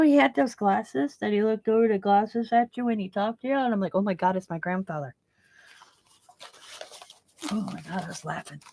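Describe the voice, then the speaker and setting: A woman's voice: on the high side, dry recording. A woman hosting a craft vlog, chatty and often laughing as she tells a story. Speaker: craft channel host. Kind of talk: casual craft vlog chat.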